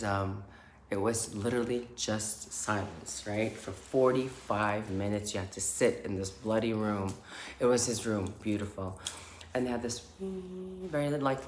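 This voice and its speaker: A woman with a very deep voice tells a casual story, lively and animated, acting out the sounds and laughter along the way. She is recorded in an echoey room with a faint hiss behind her. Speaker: spiritual healer.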